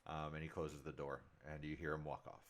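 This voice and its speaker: Very deep-voiced male game master. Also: flat delivery, a little fast. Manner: descriptive, filler-heavy. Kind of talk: narrating a tabletop game.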